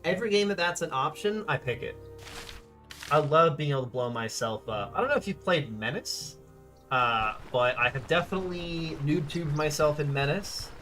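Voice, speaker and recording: Bright-voiced chatty male game streamer. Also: fairly high pitch, animated, moderate pace, soft background music. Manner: chatty, rambling, talks to viewers. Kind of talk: casual gameplay commentary.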